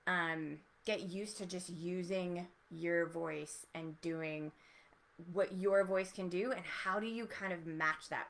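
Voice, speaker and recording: A woman voice teacher giving an encouraging, explanatory lesson with relaxed spoken demonstrations. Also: lowish voice. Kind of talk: online voice lesson.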